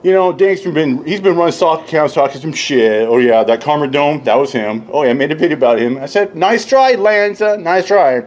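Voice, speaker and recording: A man ranting casually and profanely, rambling and mocking others, often laughing and mimicking them in high voices. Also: fairly quick, hardly any pauses, a little mellow. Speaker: YouTube commentator. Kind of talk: casual rant.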